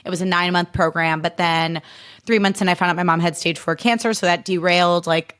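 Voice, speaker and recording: A woman's voice: on the low side, steady tone, brisk, a bit bright, clean tone. A woman in her thirties from Illinois, hosting a solo podcast in a chatty, emphatic way, full of fillers and swearing. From Illinois, USA. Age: 30s. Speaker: podcast host. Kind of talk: casual solo podcast chat.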